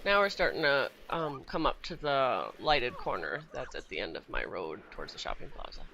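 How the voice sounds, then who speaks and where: A woman's voice: rumbling low, moderate pace, vocal fry, background noise. A woman getting over a cold, chatting casually as she narrates a walk with her dogs outdoors on a town street. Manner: chatty, relaxed narration with fillers. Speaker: vlogger walking her dogs.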